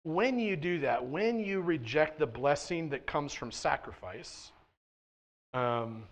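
A man's voice: a little high, lively intonation, slow. A man preaching a sermon as pastor of a church, talking in a casual, conversational way and often checking in with the congregation. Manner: swings between quiet asides and loud emphatic points. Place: church sanctuary.

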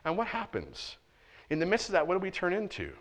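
A pastor delivers a sermon in a talky, emphatic way and keeps checking in with his listeners. His voice sits a little high for a man. He climbs into loud, intense passages and then drops back into quiet, low asides. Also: wildly swooping pitch, brisk. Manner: conversational, emphatic preaching with frequent "right?" asides.

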